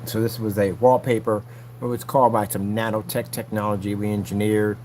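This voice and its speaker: A man's voice: lowish voice, a little fast, slight background noise. A man hosting his own channel in a casual, rambling monologue, repeating himself, talking straight to viewers and using a lot of slang. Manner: animated, repetitive, talks straight to viewers, frequent slang. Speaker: channel host showing his screen technology.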